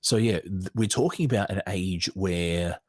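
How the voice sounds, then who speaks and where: A man's voice: low-pitched, measured pace, darkish tone, no echo, studio quality. A man hosting a podcast, reading a book aloud and then breaking off for casual, rambling commentary. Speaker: podcast host. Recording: noticeable background noise.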